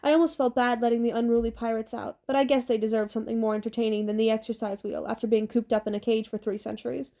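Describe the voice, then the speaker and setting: A woman narrating a first-person adventure audiobook in a steady, even storytelling delivery. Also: fairly high pitch, fast talker, vocal fry, hardly any pauses.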